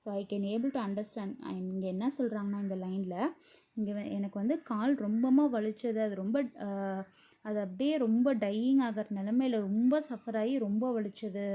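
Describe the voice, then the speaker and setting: Mellow-voiced woman teacher with a Tamil accent. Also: medium pitch, fairly even intonation, rapid-fire. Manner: switches often into Tamil, with many fillers and restarts. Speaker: English teacher. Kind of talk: explaining a story line by line.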